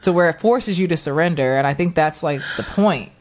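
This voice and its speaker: A woman in casual chat, animated as she tells a story and acts out what others said. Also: fairly quick, a crowd in the background. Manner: animated storyteller, acts out quotes with high squeals and laughs.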